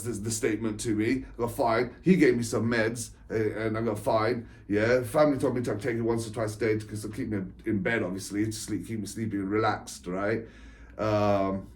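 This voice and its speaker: A man's voice: fairly low pitch, moderate pace. A man, an author and spiritual coach, telling a personal story to camera in a meandering way, with restarts, laughs and frequent "right?" checks. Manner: breaks into short laughs while talking. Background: England.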